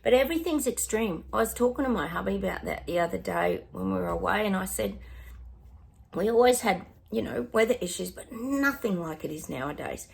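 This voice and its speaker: A woman's voice: medium pitch, sing-song, brisk, creaky. An Australian woman, middle-aged, chatting through psychic predictions in a rambling way with lots of ums and asides. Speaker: psychic medium. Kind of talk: casual livestream predictions.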